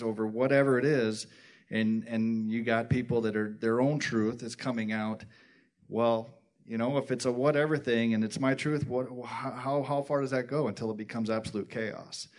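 A man speaking in a halting, rambling way in a casual church group discussion, often restarting his sentences. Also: medium pitch.

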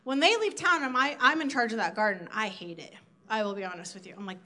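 Woman preaching at church, high bright voice, chatty and earnest, acts out her own thoughts. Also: sing-song, a little fast. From South Dakota. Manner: earnest, conversational preaching with acted-out inner quotes. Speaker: church speaker. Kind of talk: sermon.

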